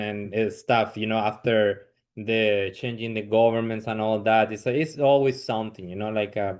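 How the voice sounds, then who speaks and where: A man from Chile with a Chilean Spanish accent, a stand-up comedian chatting casually in an interview, laughing often and filling pauses with "you know.". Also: lowish voice.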